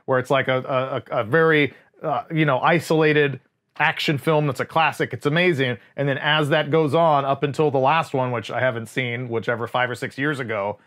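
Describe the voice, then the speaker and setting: A man's voice: medium pitch, fairly even intonation, fairly quick, a bit bright. A man co-hosting a casual movie podcast, rambling and wry, with lots of fillers. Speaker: podcast co-host. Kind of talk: casual movie review chat.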